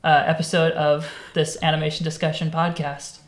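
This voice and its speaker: A young man hosting a podcast, chatting casually and asking relaxed questions. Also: on the high side, normal speed. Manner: relaxed, asks easygoing questions. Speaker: podcast host. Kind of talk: casual interview chat. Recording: echoey room.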